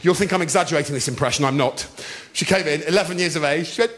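A man doing a stand-up routine on a large theatre stage, telling stories with animated bursts of shouting as the audience laughs. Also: on the high side, fast talker, background noise. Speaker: stand-up comedian.

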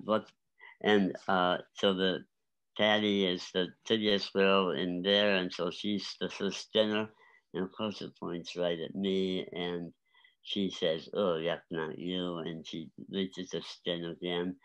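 Gravelly man in his seventies. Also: deep voice, a little slow, poor audio. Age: 70s. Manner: animated, laughing, acts out voices. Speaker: guest. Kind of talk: storytelling interview.

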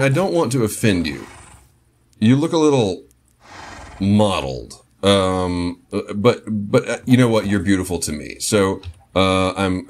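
Low-voiced guy chatting over gameplay, voice bouncing all over, playful, faint hiss behind. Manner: playful, talks to his game horse in mock apology. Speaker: gaming channel host. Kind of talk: casual gameplay commentary.

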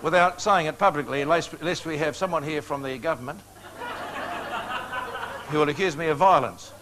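A man's voice: a little high, moderate pace, background noise. Older New man preaching folksily. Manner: folksy, joking, chuckles at his own stories. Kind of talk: storytelling sermon.

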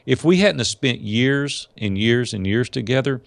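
Folksy man, gravelly voice. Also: mid-range voice, normal speed, dry recording. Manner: folksy, animated storyteller acting out quotes. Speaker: podcast guest, entrepreneur. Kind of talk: storytelling in a casual interview.

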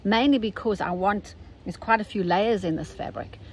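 A South African woman, older, talking casually and gently through an embroidery tutorial step by step. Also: medium pitch, moderate pace, slight background noise, rough recording. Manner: chatty, gentle step-by-step instruction. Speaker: embroidery teacher.

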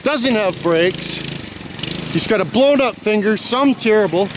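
A man filming his friends outdoors, giving profane, excited play-by-play and laughing and hollering often. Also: high-pitched, unhurried. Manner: swears constantly, laughs, hollers. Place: outdoors in a yard. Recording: outdoor camera audio with engine noise. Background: small engine revving.

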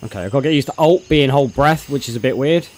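A man's voice: medium pitch, lively intonation, fast talker. Chatty man streaming a game. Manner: chatty, thinks aloud, greets chat loudly. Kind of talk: live gameplay commentary.

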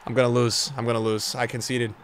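A young man commentating his own football video game match as a streamer, swinging from low muttering to loud outbursts. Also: level tone, fast talker, a little hiss or hum. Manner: emotional, swings from muttering to shouting. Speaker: gaming streamer. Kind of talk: live gameplay commentary.

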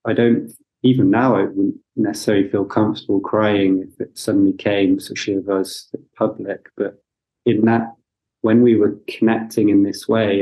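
A man speaking as a podcast guest, his voice low and mellow. He reflects in a measured way, pausing to find the right words. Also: rough recording. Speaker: guest facilitator. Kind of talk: thoughtful conversational reflection.

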